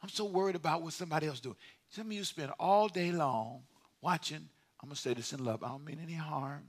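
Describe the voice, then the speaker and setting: A man preaching a sermon in a church, animated and conversational, swinging from loud outbursts to hushed asides. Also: a little high, a little fast. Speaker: pastor. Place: church sanctuary.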